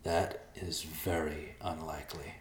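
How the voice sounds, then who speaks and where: A cold male zealot, slow and hushed, with a very deep, low voice, as a narrator puts him on. His quiet menace rings in an echoey room. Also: steady tone.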